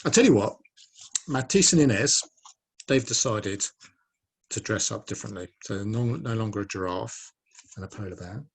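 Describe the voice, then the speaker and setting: A man's voice: fairly low pitch, lively intonation, normal speed, creaky, long pauses, breathy edge. A man in his forties teaching a French lesson to children, patiently drilling pronunciation and encouraging them to repeat. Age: 40s.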